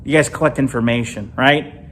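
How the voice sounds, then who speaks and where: A middle-aged man from Illinois is alone in an empty comedy club doing an animated stand-up set. He hits his lines punchily, with big jumps in pitch.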